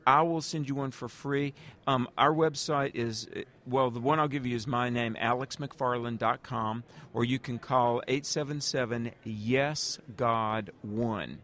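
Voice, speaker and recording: A guest evangelist answers interview questions with earnest stories, addressing the listener directly. His medium-pitched voice has a fairly bright tone and moves a little slowly.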